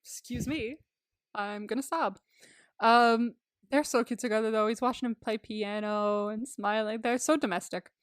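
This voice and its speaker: In a casual movie-recap chat, a podcast co-host giggles, laughs often, acts out quotes and curses freely. Her voice is a little high at a moderate pace, captured in studio quality without echo.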